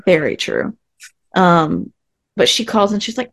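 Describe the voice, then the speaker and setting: A woman's voice: lowish voice, measured pace, gravelly. A woman co-hosting a podcast, recapping a TV episode in casual chat with sarcastic asides. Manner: animated, sarcastic asides, acts out quotes. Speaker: podcast co-host.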